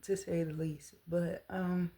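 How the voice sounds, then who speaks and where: A woman in her thirties telling a personal story to the camera, earnest and animated as she retells it. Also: lowish voice, slow pace. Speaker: vlogger.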